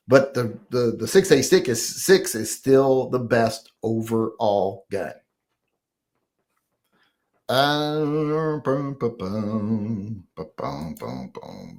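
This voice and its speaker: A man hosts a loose livestream, wandering from topic to topic and cursing freely as he talks to his chat. His pitch swings up and down a lot while he talks, in a middle register. He is heard through an ordinary computer microphone. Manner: rambling, profane, talks to himself and chat. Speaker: livestream host. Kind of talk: casual livestream chat with viewers.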